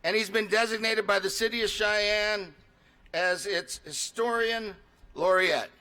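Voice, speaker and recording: Middle-aged guy giving a ceremony speech, kinda high voice, bright and forceful, stops and starts with ums. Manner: measured, with pauses and fillers. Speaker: state legislator giving ceremony remarks.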